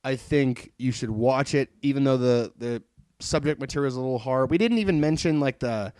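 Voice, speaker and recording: Dry-sounding animated male podcast host. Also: mid-range voice, fairly quick, no room sound. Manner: animated, swears freely, rambling retelling. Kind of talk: casual chat reviewing an anime.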